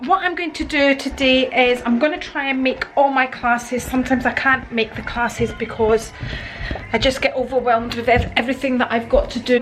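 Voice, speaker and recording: A woman's voice: high-pitched, low-quality recording. A woman in her fifties chatting casually to camera at home, in a rambling, homely way. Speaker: lifestyle vlogger.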